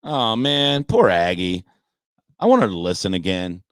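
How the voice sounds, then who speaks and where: A man's voice: low-pitched, wildly swooping pitch, measured pace, dry recording. A man who works as a comedian, talking sports casually in a brash, profane way and mocking his critics. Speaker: comedian and podcast guest.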